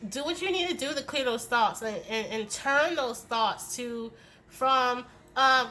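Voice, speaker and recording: A woman's voice: high voice, unhurried, sharp tone. A young woman giving a casual tarot reading to camera, emphatic and swearing often, with many "okay?" tags as she delivers a tough-love pep talk. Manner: many "okay?" tag questions. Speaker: tarot reader.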